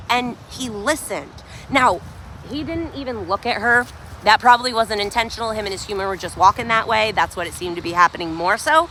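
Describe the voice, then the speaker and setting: Upbeat woman dog trainer, bright voice. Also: normal speed. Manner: upbeat, praises dog in high excited bursts. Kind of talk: live training commentary. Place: outdoors by a sidewalk. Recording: faint outdoor noise, at times far from the camera.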